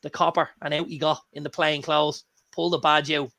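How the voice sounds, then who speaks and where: Gravelly-voiced Irish man telling stories. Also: fairly high pitch, a little fast. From Ireland. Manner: lively anecdote-telling, swears freely. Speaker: co-host. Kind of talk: casual chat.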